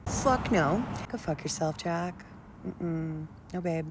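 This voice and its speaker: A woman with a lowish voice tells a storytime rant, blunt and sarcastic and full of swearing. There is a faint hiss behind her. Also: takes it slowly.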